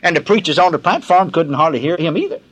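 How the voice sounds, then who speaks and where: A man's voice: on the high side, very animated, quick pace, fairly bright tone. An older man preaching a sermon in a folksy, emphatic, plain-spoken way, leading his congregation in call-and-response. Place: large gathering, live recording.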